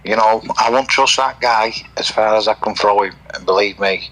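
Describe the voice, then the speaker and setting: A man calling into a live online audio chat, talking quietly and hesitantly in a casual debate. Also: on the low side, normal speed, rough recording. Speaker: caller.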